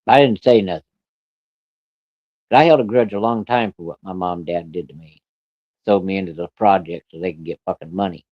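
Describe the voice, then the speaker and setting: A man telling a story of his own in a blunt, profane, folksy way, with rough rural grammar. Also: low-pitched, a little fast, long pauses, dry recording. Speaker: storyteller recounting a personal encounter. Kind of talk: casual spoken storytelling. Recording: dull, lo-fi and dry.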